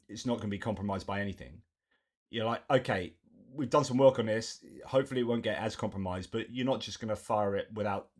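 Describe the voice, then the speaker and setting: A man giving casual news commentary, chatty and reeling off lists with frequent fillers. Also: on the low side.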